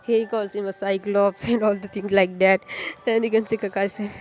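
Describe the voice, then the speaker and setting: A woman recapping a fan story in a casual, rambling way, full of fillers, restarts and pauses to recall names. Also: medium pitch, flat delivery, a little mellow, faint music behind. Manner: rambling, leans heavily on "you can say" and fillers; hesitant, restarts and searches for names.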